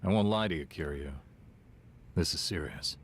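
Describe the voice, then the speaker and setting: An actor playing a serious middle-aged male crime-family lieutenant in a video game, calm and measured. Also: low voice, slightly rough. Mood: grave. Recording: game audio with faint noise.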